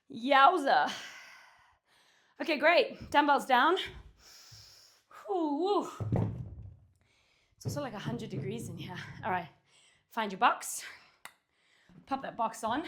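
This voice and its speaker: A Pilates instructor with a slightly high, somewhat bright voice runs a dumbbell workout from home. Out of breath, she calls cues and tallies reps while doing the moves, captured by a camera placed far away.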